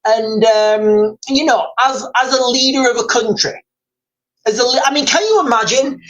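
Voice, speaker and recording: A man's voice: very high voice, normal speed, a bit bright, poor audio. A man hosting a live stream, talking in a rambling, emphatic way, reading out viewers' comments and calling them guys.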